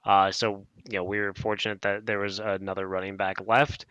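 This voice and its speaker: Bright-toned man announcing a draft pick. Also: on the low side, flat delivery, fairly quick, clean tone, dry recording, lo-fi sound. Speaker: team general manager. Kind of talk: casual panel talk.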